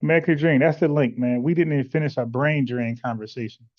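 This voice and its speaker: A man with a medium-pitched, fairly quick voice hosts a call-in podcast, talking bluntly and arguing his points. It's a casual live-stream chat with callers, full of "like" and restarts. The audio is muffled and lo-fi.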